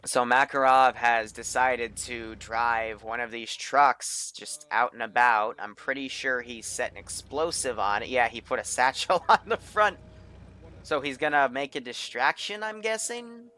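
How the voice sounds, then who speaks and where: A man's voice: mid-range voice, unhurried, bright, forceful tone. A man running a multiplayer military game session, thinking aloud in an offhand way and swearing casually. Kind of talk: casual gameplay commentary.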